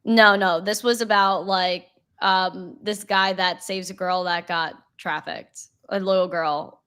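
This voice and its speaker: A woman's voice: on the low side, fairly even intonation, measured pace, a bit bright, smooth. A young woman in casual chat, rambling with many fillers and laughing easily.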